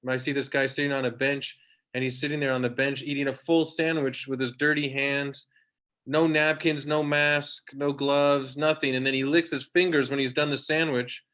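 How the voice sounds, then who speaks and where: Man, thirties, stand-up comedian, rambling, self-deprecating, filler-heavy, middling pitch, video call from home. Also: fairly even intonation, brisk, fairly bright tone. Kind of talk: stand-up set on a livestream.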